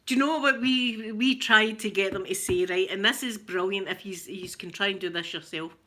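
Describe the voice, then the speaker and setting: A Scottish woman in her forties with a Glaswegian accent hosts a live stream, chatting casually and joking with her viewers amid bursts of laughter. Her medium-pitched voice is bright and forceful, at a normal speed.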